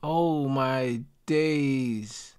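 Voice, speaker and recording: A young man, reacting live to a football match as a streamer, excitable and full of slang. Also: mid-range voice, extremely slow, smooth. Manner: excitable, slangy, repeating exclamations. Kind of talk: live watch-along reaction.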